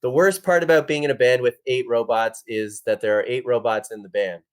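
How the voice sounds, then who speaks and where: A man's voice: medium pitch, brisk. Playful chatty man from Canada. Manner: playful, joking, chatty with frequent restarts. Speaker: band member guest speaking in a robot persona. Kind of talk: casual livestream chat.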